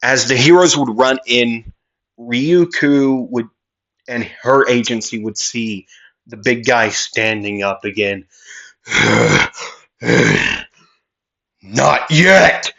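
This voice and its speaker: Slow, rambling male fan storyteller. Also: medium pitch, steady tone, a bit bright, lo-fi sound. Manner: rambling, with many fillers and restarts.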